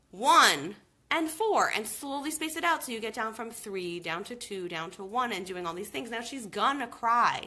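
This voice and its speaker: A woman in her thirties, a baby sleep coach, giving emphatic advice to viewers in a live video question-and-answer. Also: a little high. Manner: emphatic, animated advice with lots of "okay?".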